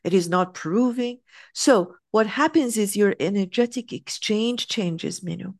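A woman leads a spiritual class in an animated, emphatic way, acting out little scenes as she explains. Her pitch jumps around as she stresses points. The sound is close and dry. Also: unhurried, dry recording. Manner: animated, emphatic, acts out examples. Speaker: spiritual teacher. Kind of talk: teaching a class.

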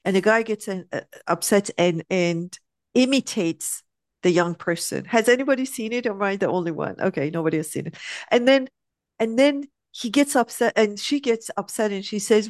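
A woman's voice: medium pitch, moderate pace, dry recording. A middle-aged woman talks in a reflective, storytelling way, now and then lifting her voice sharply to play out the people in her anecdotes. The recording is close and dry, with no room sound around her voice. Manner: reflective, acts out quoted voices animatedly. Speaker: guest sharing spiritual reflections. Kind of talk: conversational storytelling.

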